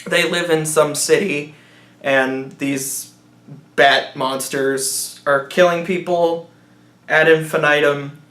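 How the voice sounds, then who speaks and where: A man's voice: fairly high pitch, fairly even intonation, slow pace, a bit bright. A man giving a sarcastic, rambling movie review, mocking the film as he goes. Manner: rambling, mocking, acts out characters in silly voices. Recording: roomy echo.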